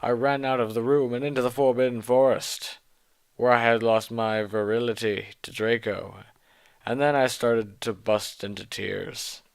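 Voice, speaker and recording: A young man reads a story aloud with mock drama and weary, mocking asides. His voice is gravelly and unhurried, recorded close and dry. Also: mid-range voice, steady tone, fairly bright tone, dry recording. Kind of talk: sarcastic dramatic reading of fan fiction.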